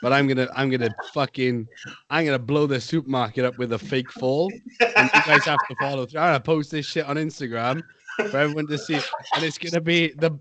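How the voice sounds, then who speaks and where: A man's voice: medium pitch, brisk, a little hiss or hum. A young man co-hosting a podcast, chatting crudely and acting out other people's voices. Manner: animated, swearing, acts out quoted voices. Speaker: podcast co-host. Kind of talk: crude casual chat.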